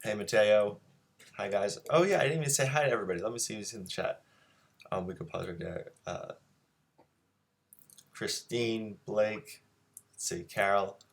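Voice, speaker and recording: A man's voice: lowish voice, moderate pace, vocal fry, long pauses. A man hosting a casual live-streamed drawing lesson, easygoing and chatty with lots of ums as he greets viewers. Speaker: drawing teacher and show host.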